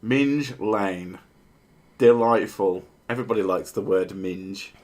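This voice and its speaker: A man's voice: lowish voice, takes it slowly, darkish tone. A man hosting a podcast, trading crude jokes in casual chat. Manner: crude, joking banter with bursts of silly voices. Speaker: podcast host.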